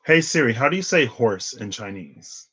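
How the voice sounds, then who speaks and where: A man's voice: mid-range voice, very animated, moderate pace, sharp tone, a little hiss or hum, rough recording. A man in his twenties giving a casual tarot reading, chatty and rambling off into tangents. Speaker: tarot reader.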